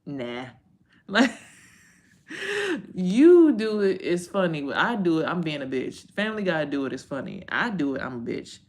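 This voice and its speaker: Brief: woman livestream host, deep-pitched, rambling and profane, casual chat with viewers from home. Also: expressive, normal speed. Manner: loose, rambling and profane, with frequent slang and side remarks. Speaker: livestream host and tarot reader.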